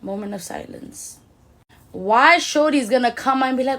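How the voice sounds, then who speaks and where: A young woman with a high-pitched voice tells a casual storytime straight to her viewers. She talks in loose slang and jumps into lively quoted voices for the people in the story. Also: normal speed. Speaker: beauty vlogger.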